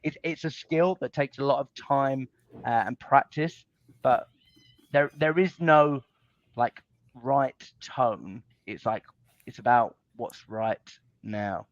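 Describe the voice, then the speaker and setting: A chatty man speaking over a video call, acting out little sales-call examples. The audio is dry and somewhat dull. His pitch sits mid range. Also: takes it slowly, no echo. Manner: loose and chatty, full of fillers, acts out calls. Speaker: sales trainer guest. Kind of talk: casual webinar chat.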